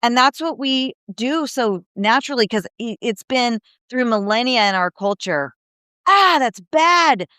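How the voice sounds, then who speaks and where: A woman guest in a casual podcast chat, telling stories with animation and slipping into the voices of people she quotes. She uses lots of "you know, like" fillers. Her voice is smooth and clear, and the recording is dry and close. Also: on the high side, normal speed, few pauses, fairly bright tone, no room sound. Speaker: guest, disability advocate and speaker.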